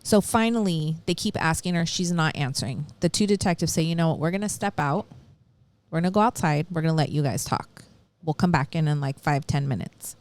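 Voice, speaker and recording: A woman's voice: low voice, brisk, darkish tone. A woman co-hosting a podcast, casually retelling a true-crime story, acting out quotes and swearing freely. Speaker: podcast co-host.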